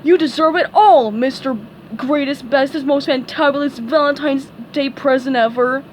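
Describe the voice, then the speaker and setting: A woman's voice: high voice, moderate pace, slight background noise, voice pushed up, lightly acted. A woman voicing a furious male starfish turned monster, bellowing threats in a raised voice. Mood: vengeful.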